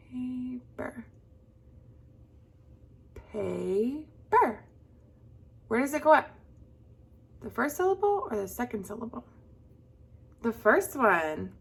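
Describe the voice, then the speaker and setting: A woman's voice: a little high, vocal fry, fairly bright tone, breathy edge. A young woman teaching a lesson to young children, drawing out words in a sing-song voice for them to echo. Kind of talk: slow, patient classroom lesson for young children.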